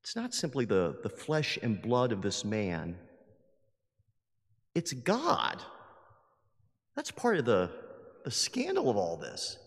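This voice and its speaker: Priest giving a homily, emphatic and animated, mid-range voice, long echoing church hall. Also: male voice, mid-range voice, takes it slowly, long pauses. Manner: lively, emphatic, acts out quoted voices. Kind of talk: sermon. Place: large church. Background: long hall reverb.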